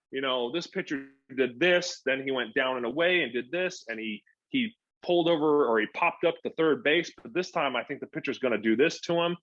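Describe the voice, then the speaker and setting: A man in his forties, a former pro pitcher, telling stories as a podcast guest and acting out the dialogue. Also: slightly rough. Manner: animated storyteller who acts out quoted dialogue. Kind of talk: casual storytelling interview. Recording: dull lo-fi podcast audio.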